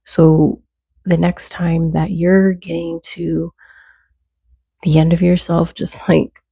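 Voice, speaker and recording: A woman's voice: on the low side, little pitch movement, takes it slowly, creaky, warm tone, breathy edge, no echo, clean studio sound. A woman giving earnest, conversational faith encouragement, stacking short repeated phrases. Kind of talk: casual faith talk to camera.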